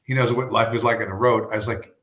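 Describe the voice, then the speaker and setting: A man with a fairly low voice talks casually on a livestream. He rambles through stories and swears freely. His voice carries a roomy echo. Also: steady tone, fast talker, fairly bright tone. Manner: rambling, profane, storytelling. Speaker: livestream host.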